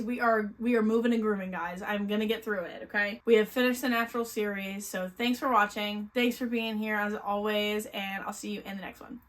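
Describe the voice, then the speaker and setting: A young woman vlogging a casual book review, blunt and animated, swearing freely as she talks. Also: mid-range voice.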